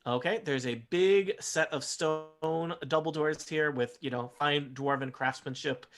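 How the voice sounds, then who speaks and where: A man's voice: on the high side, measured pace, a bit bright. A man running a tabletop game as game master, describing scenes in a loose, rambling way full of fillers. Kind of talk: narrating a tabletop game, casual.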